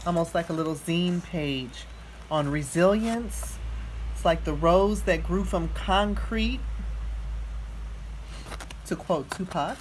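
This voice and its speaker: A woman vlogging as she unboxes a gift at home, talking softly and gushing with gratitude. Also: on the low side, a little hiss or hum. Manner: slow, soft-spoken and gushing with gratitude. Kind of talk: casual unboxing narration.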